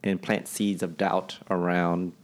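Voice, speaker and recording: A man's voice: low-pitched, flat delivery, slow. A man co-hosting a podcast, chatting casually and airing loose, opinionated views with some profanity. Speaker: podcast co-host. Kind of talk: casual chat.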